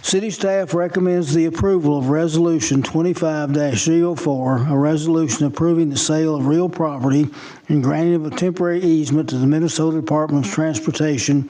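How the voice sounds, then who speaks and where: Brief: male city staffer, higher-pitched, mellow tone, measured report reading at a council desk mic. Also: fairly even intonation, rough recording. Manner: measured, reads prepared figures. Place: council chamber.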